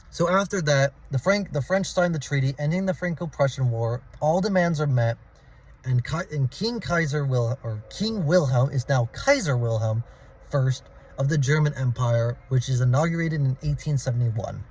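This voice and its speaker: A man's voice: a little high, expressive, moderate pace, poor audio. A man hosting a history channel, telling the story in a casual, informal way, often restarting and correcting himself and relishing the dramatic moments.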